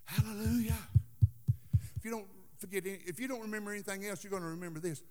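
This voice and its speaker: A male pastor preaching a fervent sermon in a church, with a sing-song cadence that swings from hushed asides to shouting. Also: high voice, steady tone, quick pace, big-room sound. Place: church sanctuary.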